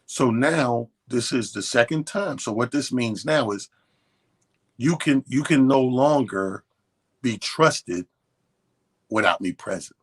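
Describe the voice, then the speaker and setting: A man's voice: mid-range voice, husky. A man co-hosting a radio show, telling a long, profane story in casual chat and acting out both sides of the quotes. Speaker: radio co-host. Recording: radio studio.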